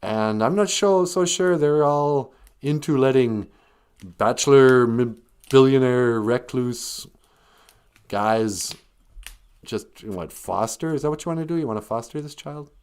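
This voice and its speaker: A man's voice: medium pitch, measured pace, darkish tone, clear, resonant tone, lightly acted. Man doing an exasperated Commissioner Gordon. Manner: exasperated, matter-of-fact. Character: exasperated, practical middle-aged police commissioner.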